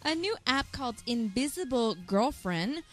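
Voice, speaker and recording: A woman's voice: on the high side, animated, normal speed. A woman co-hosting a radio show, upbeat and giggly as she presents light news items. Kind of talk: reading news items on air.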